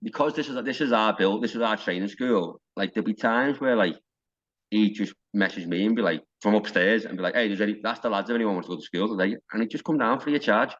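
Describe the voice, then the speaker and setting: Speaking fast in a low, fairly bright voice, this man from North West England is a wrestling coach telling stories on a casual podcast. He rambles, starts over, and quotes what people said. The sound is lo-fi.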